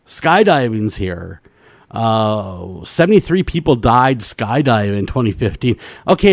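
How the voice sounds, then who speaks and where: A man's voice: mid-range voice, no room sound. A man hosting a radio talk show in casual banter, joking and rambling and laughing easily.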